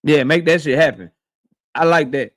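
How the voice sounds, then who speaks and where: A man's voice: fairly high pitch, moderate pace. A man hosting a boxing live stream, reading chat and riffing loosely with lots of profanity and slang. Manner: loose, profane, trash-talking, reads chat aloud. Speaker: boxing channel host.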